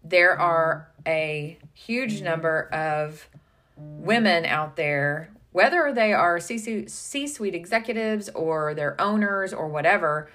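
A woman co-hosting a casual business podcast as a coach, thinking aloud with pauses and some stammering. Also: fairly low pitch, fairly bright tone, faint music behind.

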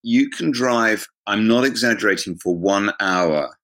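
A man's voice: on the low side, unhurried, fairly bright tone. A middle-aged man with a southern English accent, a pastor chatting as an interview guest, self-deprecating and given to laughing. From southeast England. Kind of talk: casual interview chat. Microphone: remote call.

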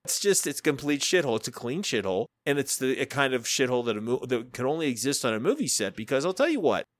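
A man's voice: medium pitch, sing-song, fast talker, dry recording, clean studio sound. Profane, rambling male podcast host. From Florida, US. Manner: profane, digressive, laughs often, acts out quoted dialogue. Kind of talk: casual rambling monologue.

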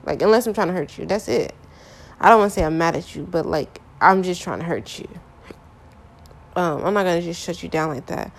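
A woman's voice: on the low side, brisk, gravelly. A young woman talking candidly about her relationships in a casual, frank monologue full of filler phrases.

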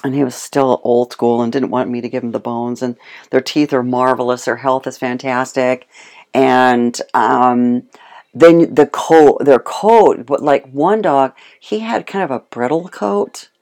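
Animated, storytelling guest speaker. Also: medium pitch, unhurried. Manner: animated storytelling, acts out quotes; laughs often. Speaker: guest speaking on homemade dog food. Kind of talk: casual chat.

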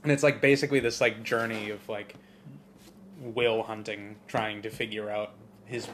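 A man's voice: fairly low pitch, normal speed, slight background noise. Profane rambling man, casual chat. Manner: profane, rambling, animated storytelling. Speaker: podcast co-host.

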